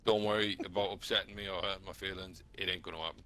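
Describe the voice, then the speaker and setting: A man's voice: sits low, fairly even intonation, quick pace, pushed and bright. A man guest on a stream, speaking frankly and easily as he signs off. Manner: frank, easygoing. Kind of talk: casual stream chat.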